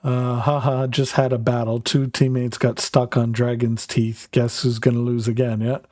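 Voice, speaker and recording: A man's voice: medium pitch, little pitch movement, moderate pace, darkish tone, no echo, clean studio sound. A man streaming a tank game, talking casually in a rambling way, full of fillers, and swearing now and then. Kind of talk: casual live gaming commentary.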